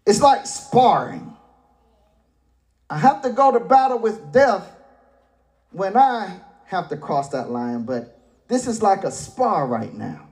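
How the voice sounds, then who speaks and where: A man pastor preaching a sermon, retelling scripture in folksy paraphrase and breaking into shouted emphasis. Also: high voice, big pitch swings, slow, long pauses.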